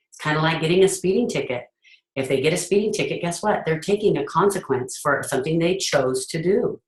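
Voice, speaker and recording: A woman's voice: deep voice, animated, normal speed. A middle-aged woman host talking casually and earnestly about leadership, sometimes acting out what parents say. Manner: earnest, acts out parents' voices. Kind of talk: casual talk to an audience. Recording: echoey room.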